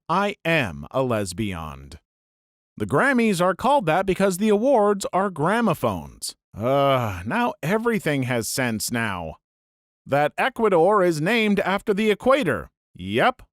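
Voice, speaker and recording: A man reads short internet stories aloud in an animated, upbeat storytelling manner. His voice sits a little high and swings widely in pitch. The sound is dry and close, with no room around it. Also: no echo. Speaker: narrator. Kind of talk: scripted narration of internet stories.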